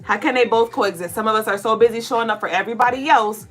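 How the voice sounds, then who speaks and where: Middle-aged woman host, fairly high voice, blunt and preachy, faint music underneath. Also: quick pace, fairly bright tone. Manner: profane, preachy, playful, acts out listeners in mock voices. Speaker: spiritual podcast co-host giving a tarot reading. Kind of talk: casual, blunt spiritual pep talk.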